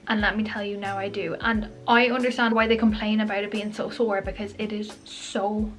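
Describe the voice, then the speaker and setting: A woman's voice: mid-range voice, level tone, brisk, fairly bright tone. A young woman, heavily pregnant and a little breathless, chatting casually and emphatically to camera as a vlogger.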